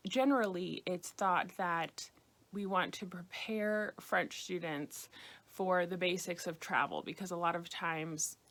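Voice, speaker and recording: An American woman teaching beginners a language lesson, patiently repeating phrases slowly. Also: fairly low pitch, fairly bright tone. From United States. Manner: patient, slow repetition of phrases. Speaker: French teacher.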